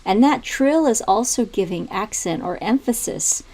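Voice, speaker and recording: A woman teaching music theory in a video tutorial, explaining step by step in a calm way and now and then singing rhythms aloud. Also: fairly high pitch, normal speed.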